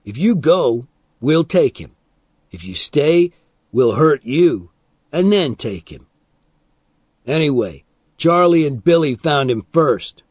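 A man's voice: on the high side, big pitch swings, slow pace, long pauses, dry recording, voice pushed up, heavily acted. A man playing a coolly menacing teen gang leader. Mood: calm menace. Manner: patient, smooth threats.

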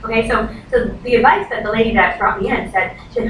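This woman's voice is fairly high and a bit bright, moving at a quick pace. In her thirties and working as a direct sales consultant, she leads a chatty training talk, acting out quoted voices and leaning on "like." The recording is distant, echoey, and noisy.

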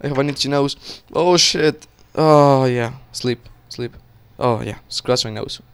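A young man giving casual, excitable commentary while playing a game, swearing and talking to himself. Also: medium pitch, slow pace, smooth. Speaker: gaming channel host.

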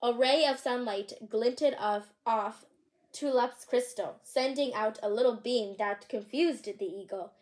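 A woman reads picture books aloud in a slightly high voice. She is bubbly and chatty, dropping little asides between the lines. Now and then she trips over a character's name. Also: measured pace, darkish tone. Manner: occasional stumbles over names. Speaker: channel host reading aloud.

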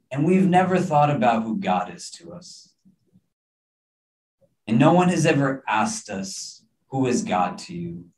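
Man, late 30s, imam; animated, high voice, talks to the crowd; distant mic, roomy echo. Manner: earnest, conversational, addressing the audience directly. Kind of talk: sermon. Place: large room with a gathered audience.

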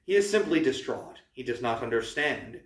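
A man voicing a stern, calm young goddess, with measured, commanding speech. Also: mid-range voice, lightly acted. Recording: roomy, distant mic.

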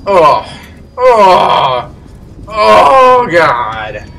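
A man talks through a horror game in a bright, slightly raised voice, slow in his delivery. He jumps and swears at whatever attacks him. He sits back from the mic, with faint game music behind him. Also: on the high side, lively intonation, distant mic, poor audio. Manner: jumpy, swearing, yells at enemies. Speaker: let's play gamer.

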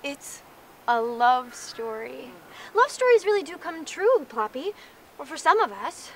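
Woman doing a dreamy faire princess, gushing, affected, high bright voice. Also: sing-song, a little slow, a little hiss or hum, full character voice.

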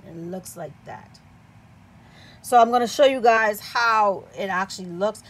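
A woman's voice: fairly high pitch, fairly bright tone. A woman from the Caribbean giving a chatty, enthusiastic unboxing review, often checking in with "okay?". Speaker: product reviewer.

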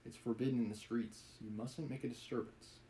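A man's voice: mid-range voice, fairly even intonation, a little fast, dark tone, a little hiss or hum, natural voice, low-quality recording. A man reading a novel aloud, voicing a stern, by-the-book policeman in a curt, officious way.

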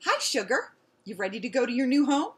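A woman reading a story and voicing a kind, gentle woman who speaks to a rescued dog in a warm, coaxing, slightly raised tone. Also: sits high, big pitch swings, brisk, voice pushed up.

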